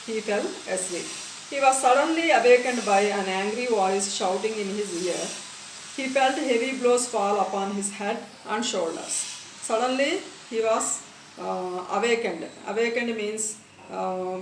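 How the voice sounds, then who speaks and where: A woman teacher with an Indian English accent, reading a story aloud and stopping to explain words, repeating phrases slowly. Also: mid-range voice. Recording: echoey room, distant mic, faint noise.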